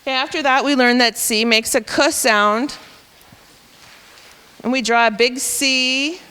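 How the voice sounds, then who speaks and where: Smooth-voiced woman explaining reading rules. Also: high-pitched, a little slow, sharp tone, big-room sound. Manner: patient, step-by-step explaining. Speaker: teacher. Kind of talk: explaining a reading lesson to educators.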